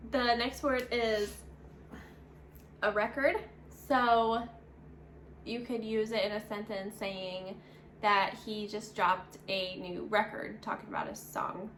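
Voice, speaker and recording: A woman co-hosting an English lesson, briskly introducing words and reading example sentences. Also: mid-range voice, flat delivery, fairly bright tone. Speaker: English teacher, co-host. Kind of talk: casual teaching. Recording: echoey room, faint background noise.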